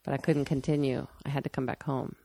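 A woman's voice: rumbling low, level tone, fast, vocal fry, mellow, slightly rough, no room sound, clean studio sound. A woman telling a personal story candidly and matter-of-factly in casual conversation. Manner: candid, matter-of-fact, with restarts.

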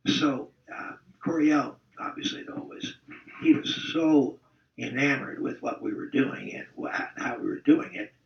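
In a relaxed interview, a former football player, now older, spins meandering, salty yarns and chuckles along the way. He speaks at a measured pace in a gravelly mid-range voice, on a recording that is far-off, roomy and dull.

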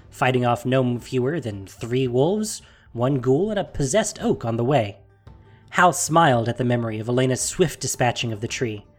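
Measured fantasy audiobook narrator. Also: medium pitch. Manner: measured, steady storytelling.

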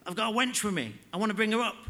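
A man's voice: high voice, animated, rapid-fire, sharp tone, pitched above the performer's own voice, heavily acted. A man doing a scrappy young boy. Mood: eager. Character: young scrappy boy, eager petty thief.

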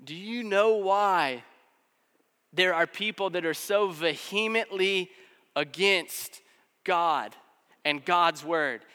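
A man preaching a sermon in a relaxed, conversational way, filling his explanations with casual fillers. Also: sits high, takes it slowly, clear, resonant tone. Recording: long hall reverb.

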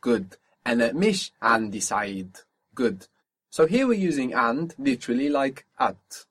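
A man's voice: mid-range voice, lively intonation, moderate pace, fairly bright tone. Patient male language teacher drilling phrases. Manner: patient, repeats each answer back and explains pronunciation. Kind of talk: spoken language lesson, drilling a student.

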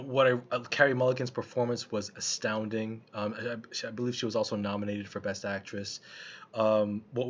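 A man chatting casually about a film he saw, loose and colloquial, with lots of restarts and fillers. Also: medium pitch. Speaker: film reviewer. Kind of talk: casual film review chat. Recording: slightly muffled lo-fi recording.

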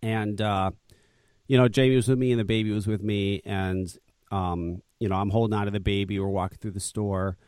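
A man's voice: fairly low pitch, steady tone, fairly quick, darkish tone, clean tone, no room sound, clean studio sound. A man hosting a podcast in casual chat, blunt and profane, often ranting and grumbling. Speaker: podcast host and vape shop owner.

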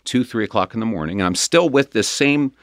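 This middle-aged man, with a fairly low, animated voice, tells his recovery story candidly and conversationally. He's earnest and emotional, rambling with restarts and quick laughs, captured in studio quality with no room sound.

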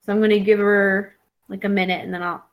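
A woman playing a character in a tabletop game, speaking gently and hesitantly with many pauses. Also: medium pitch, flat delivery, highs cut off. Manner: slow, hesitant, gentle, full of pauses and fillers. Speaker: player.

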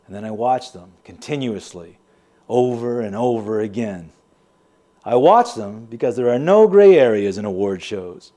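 A man's voice: medium pitch, animated, normal speed, mellow, lightly acted. An actor playing a bitter, sardonic man confiding in an audio drama monologue. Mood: wry. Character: bitter wry man, family's weary son. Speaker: narrating character.

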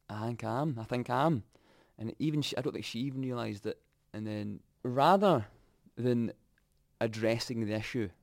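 A young Scottish man telling his own story candidly, reflective and halting, often restarting his sentences. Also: lowish voice, gravelly, darkish tone, dry recording, clean studio sound.

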